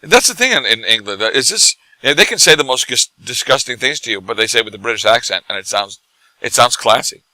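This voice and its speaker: A middle-aged man, drunk, telling animated stories in casual bar chat as a guest who acts and teaches comedy. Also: medium pitch, fast, no room sound, poor audio. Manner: animated, laughing, tipsy anecdotes.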